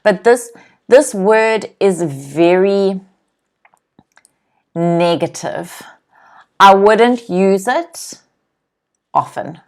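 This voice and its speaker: A woman teaching a live online English lesson, saying each word slowly and clearly and having viewers repeat it. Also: mid-range voice, lively intonation, darkish tone. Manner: slow, clear teacher's voice, drills words for repeating.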